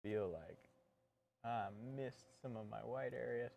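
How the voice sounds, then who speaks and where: Male painting instructor, easygoing, talks through his strokes, mid-pitched voice. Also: takes it slowly, gravelly, slight background noise. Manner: relaxed, joking, talks through each step. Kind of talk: casual painting tutorial.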